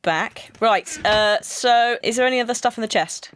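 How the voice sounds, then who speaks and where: A woman's voice: a little high, normal speed, a bit bright, slight background noise. A woman co-hosting a let's play, explaining game mechanics in a rambling, teasing way. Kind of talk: casual gaming chat.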